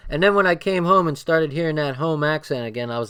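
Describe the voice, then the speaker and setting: A man's voice: a little high, fast, fairly bright tone, clear, resonant tone. A man with a New Jersey accent reading a book aloud on a livestream and commenting bluntly, repeating phrases for emphasis.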